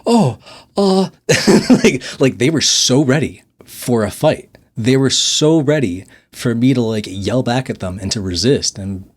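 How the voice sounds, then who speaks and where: A man's voice: medium pitch, normal speed, hardly any pauses. A young man casually telling a story in a monologue, laughing often and restarting his sentences. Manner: rambling, laughs often, restarts and repeats words. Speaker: vlogger.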